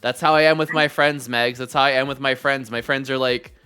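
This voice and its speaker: A man hosting a casual live-stream chat from home, giving blunt advice with plenty of swearing and animated ranting. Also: medium pitch, a little fast, smooth, soft background music. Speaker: streamer and podcast host.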